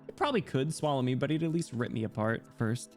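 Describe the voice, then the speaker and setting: Rambling streamer man over soft music. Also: medium pitch, expressive, fast talker. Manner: rambling, self-interrupting, laughs often. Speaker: stream host. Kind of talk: casual livestream chat.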